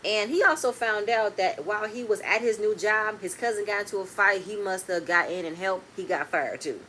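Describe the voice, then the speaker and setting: A woman recapping a reality TV episode in a casual, blunt, animated way, with speech. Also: medium pitch, normal speed, a little hiss or hum. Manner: animated, blunt and swearing, swings between loud and quiet.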